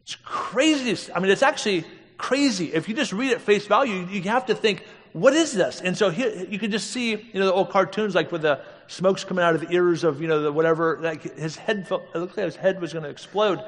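A man preaching to an audience as an animated storyteller, firing off rhetorical questions and laughing at his own stories. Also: high-pitched, a little fast. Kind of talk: storytelling sermon. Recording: long reverb of a big hall.

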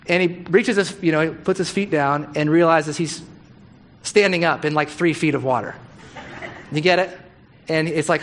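A middle-aged man giving a sermon, telling a story in a casual, animated way and acting out the quotes. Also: a little high, moderate pace, slight background noise.

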